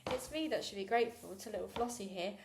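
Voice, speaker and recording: A woman's voice: medium pitch, animated, fast talker, vocal fry, noisy background. A woman reading aloud, voicing a cheerful middle-aged male chip-van owner who talks in a chummy way and calls people sweetheart. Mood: jovial. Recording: echoey room.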